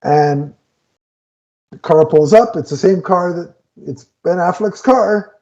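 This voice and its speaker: A man's voice: high voice, slow pace, a little mellow, dull audio. A man co-hosting a casual film review, retelling scenes with lots of restarts and fillers. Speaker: podcast co-host reviewing a film.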